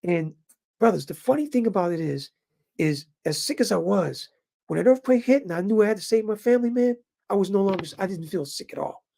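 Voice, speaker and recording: A man in his fifties telling his viewers a story in a casual, animated way and calling them brothers. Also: high-pitched, brisk, vocal fry. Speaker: vlogger living in Japan.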